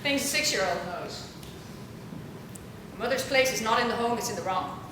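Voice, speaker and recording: A middle-aged woman lectures with lively, self-mocking humor and slips into the voices of the people in her stories. Her voice sits a little high. The recording comes from a very echoey auditorium, with room noise clearly audible underneath. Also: moderate pace. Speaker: university lecturer. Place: university auditorium.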